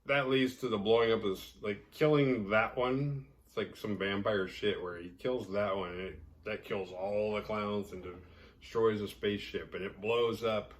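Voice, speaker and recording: Low-voiced man rambling through a movie recap. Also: steady tone, moderate pace, recorded from a distance. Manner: rambling, heavy filler "like", profane and jokey. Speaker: horror movie podcast host.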